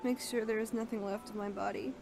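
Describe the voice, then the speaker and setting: A broken young man speaks low and resigned, as a woman reads him aloud. He sounds hushed and worn out. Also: fairly even intonation, fairly quick, creaky, over music. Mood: sorrowful. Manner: quiet, resigned. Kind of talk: reading a visual novel aloud.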